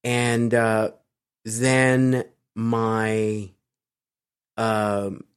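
A man's voice: on the low side, little pitch movement, very slow, clear, resonant tone. A middle-aged American man being interviewed, telling personal stories in a rambling way with many fillers and restarts. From United States. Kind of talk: casual storytelling interview.

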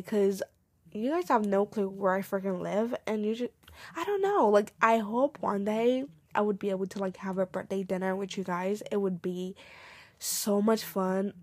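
A young woman talking straight to her listeners in a relaxed solo podcast. Her voice is husky and breathy at a middle pitch. She rattles on in a chatty, animated way, heavy on slang and calling everyone babes. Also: no echo. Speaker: podcast host. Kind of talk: casual solo podcast chat.

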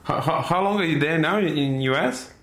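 A chatty Australian co-host pitched a bit high throws loud, curious questions at the guest. He sounds set back from the mic in an echoey room. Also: brisk. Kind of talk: casual interview questions.

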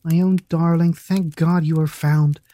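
A reader voicing a tender mother who speaks softly, almost murmuring. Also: mid-range voice, little pitch movement, a little slow, dry recording, lightly acted. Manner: soft, murmuring.

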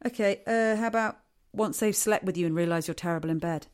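A man's voice: high-pitched, fast talker, clean tone, natural voice. A man voicing his own subconscious as a needling, sarcastic inner voice in a comedy podcast. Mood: teasing. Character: mocking male inner voice, teasing.

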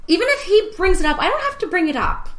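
A woman's voice: extremely high pitch, big pitch swings, fast, a bit bright. A young woman in frank, casual chat, blunt and profane, laughing often.

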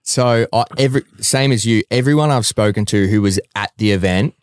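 A young man with a fairly low, smooth voice recounts a story in casual interview chat. He drops swear words freely and acts out what others said. The sound is close and dry. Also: brisk, dry recording. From Australia. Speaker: guest, professional fighter.

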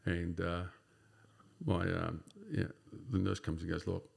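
A deep, gravelly man in his fifties, chatting as a podcast guest. His voice is a bit husky. He swears often and keeps checking in with "right?" while he tells a story. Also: little pitch movement, takes it slowly, a little mellow. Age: 50s. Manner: swears freely, ends lines with "right?". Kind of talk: casual storytelling chat.

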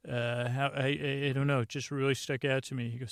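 A man's voice: mid-range voice, little pitch movement, brisk, gravelly, clear, resonant tone, dry recording, studio quality. A man hosting a bedtime podcast, rambling casually through an episode recap with many fillers and restarts. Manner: meandering, full of fillers and restarts; casually retells scenes with "he goes". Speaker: podcast host.

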